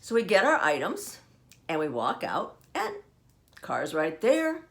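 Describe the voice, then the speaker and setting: Lively, laughing older woman storyteller. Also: mid-range voice, measured pace. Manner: animated, laughs often while telling. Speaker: podcast host. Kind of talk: casual storytelling. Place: at home.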